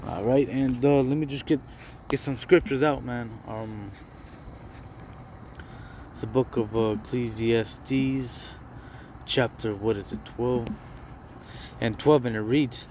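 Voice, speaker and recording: A man's voice: medium pitch, fairly even intonation, slow pace, long pauses, darkish tone, slight background noise. A man giving an informal sermon, reading scripture and commenting in loose street talk, saying "man" and "all right" constantly.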